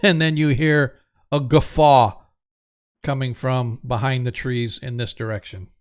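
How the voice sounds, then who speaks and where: Unhurried male game master narrating. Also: medium pitch, fairly even intonation.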